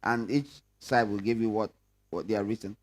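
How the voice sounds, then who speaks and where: A man's voice: fairly low pitch, normal speed, a little mellow. A man leading a prayer meeting Bible study, talking conversationally and asking the room questions. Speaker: pastor.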